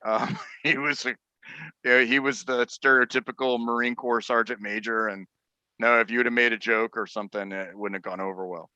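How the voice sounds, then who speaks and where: Bright-voiced man telling a dry-humored story. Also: mid-range voice, fairly even intonation, normal speed, smooth, no echo. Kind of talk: casual conversation and anecdote. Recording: dry, dull lo-fi call audio.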